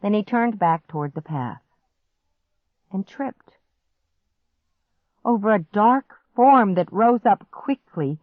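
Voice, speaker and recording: Slow, expressive woman reading aloud. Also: mid-range voice, no echo. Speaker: audiobook narrator. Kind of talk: scripted first-person narration. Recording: dry, slightly muffled audiobook recording.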